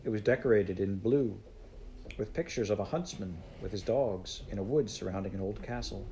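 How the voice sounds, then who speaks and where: A man reading a classic children's storybook aloud in a measured, unhurried way. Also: lowish voice, mellow, slight background noise, poor audio. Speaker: audiobook narrator.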